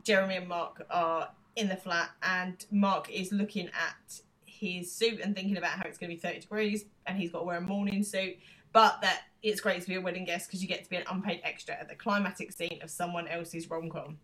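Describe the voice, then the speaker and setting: A woman's voice: fairly low pitch, steady tone, a bit bright. A woman co-hosting a podcast, casually recapping a TV episode and quoting the characters' lines as she goes. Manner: retells scenes with quick quoted lines and frequent laughs. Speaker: podcast co-host.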